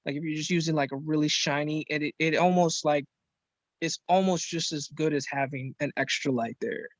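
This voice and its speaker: A man's voice: fairly high pitch, steady tone, fairly quick, dry recording. A young man explaining things in a loose, rambling way with many fillers, as a student on a group video call. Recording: muffled dry video call audio.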